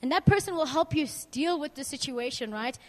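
A young woman leads a youth group, earnest and personal as she asks the room question after question. Her voice sits high, and it rings out with a long reverb, as in a large hall. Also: expressive, fairly quick, darkish tone. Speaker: youth leader.

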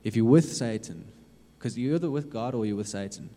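A man preaching a sermon, earnestly urging his listeners with lots of repetition, swinging from loud to hushed. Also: mid-range voice, brisk. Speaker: youth preacher. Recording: long reverb of a hall.

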